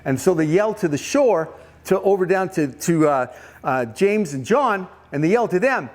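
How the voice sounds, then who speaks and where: Animated man preaching at a youth camp. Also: high-pitched, moderate pace. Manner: animated storytelling, questions to the audience. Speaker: camp speaker.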